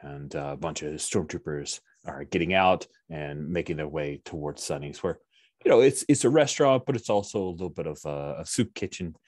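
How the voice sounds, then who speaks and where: A man's voice: rumbling low, brisk, a little mellow, dry recording, clean studio sound. A man narrating a tabletop game as game master, chatty and enthusiastic.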